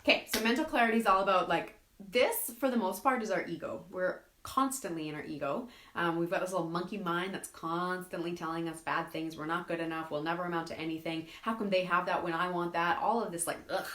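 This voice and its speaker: A woman hosting a live self-help talk who reads viewer comments and acts out quoted friends in an animated way. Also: on the low side, a little fast, hardly any pauses, roomy sound. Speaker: host.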